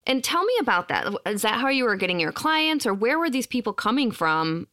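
A woman hosting a podcast interview, enthusiastic and encouraging, quick to praise her guest. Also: on the high side, very animated, sharp tone, no echo, clean studio sound. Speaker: podcast host. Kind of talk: casual interview chat.

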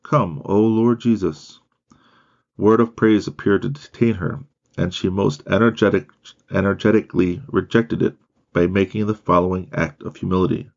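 A man reads a biography aloud in a steady, measured delivery. His voice sits very low with a gravelly fry, and the recording sounds dull and lo-fi. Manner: measured, steady reading with occasional slips. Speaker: audiobook reader.

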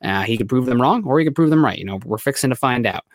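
Fast-talking male sports co-host. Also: medium pitch, lively intonation, dry recording, studio quality. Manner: fast, analytical, lots of "right?" and "like". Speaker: podcast co-host. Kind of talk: casual sports podcast chat.

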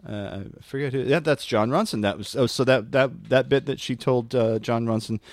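A man's voice: mid-range voice, moderate pace, no room sound, clean studio sound. A man co-hosting a casual comedy podcast, chatting loosely, laughing often and swearing. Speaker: podcast co-host.

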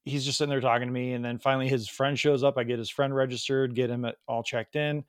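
A man's voice: mid-range voice, level tone, fast, clean tone, no echo, clean studio sound. A man with a Chicago accent hosting a podcast, rambling through stories and laughing at himself. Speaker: podcast host. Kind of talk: casual chat.

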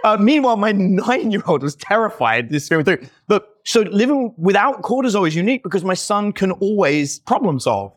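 A man talking as a podcast guest, telling lively stories and acting out the people he quotes, with lots of "like" fillers. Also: sits high, moderate pace, hardly any pauses. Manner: animated, acts out quoted voices, many "like" fillers. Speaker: podcast guest, dating company owner. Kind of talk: casual conversational storytelling.

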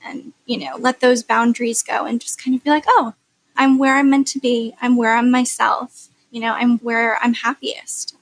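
A woman's voice: fairly high pitch, level tone, moderate pace, no echo, low-quality recording. A woman guest on a podcast, chatting in a bubbly, gushing way with gasps and laughs. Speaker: guest, lifestyle editor. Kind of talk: casual podcast conversation.

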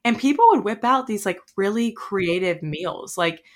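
A young woman hosting a casual podcast, recapping a trip in a relaxed, descriptive way. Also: mid-range voice, normal speed. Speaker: podcast host.

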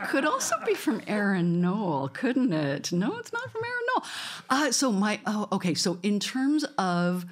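A woman's voice: mid-range voice, wildly swooping pitch, takes it slowly, slight background noise. A woman radio host telling stories in a live studio conversation, chatty and often laughing.

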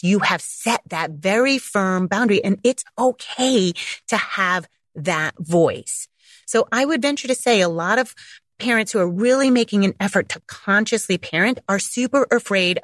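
A woman's voice: no echo, clean studio sound. A woman podcast host coaching parents in a casual monologue, acting out quoted voices with big jumps. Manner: animated, acts out quotes with big pitch jumps.

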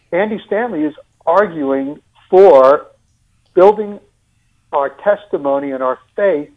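A man with a New York accent, discussing and critiquing a sermon series in a deliberate way with many fillers and restarts. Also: on the high side, dull audio.

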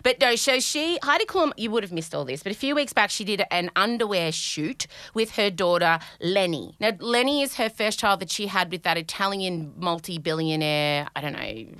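This is a brash Australian woman in casual podcast banter, swearing freely as she riffs. Her voice is bright and forceful and leaps around in pitch. The recording is close and dry. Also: lively intonation, normal speed, few pauses, dry recording. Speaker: podcast co-host. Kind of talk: casual chat.

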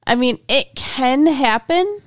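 A woman's voice: sits high, animated, slow pace, dry recording, clean studio sound. A woman co-hosting a podcast, chatting frankly and casually about a TV episode, laughing often. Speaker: podcast co-host. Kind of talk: casual chat recapping a TV episode.

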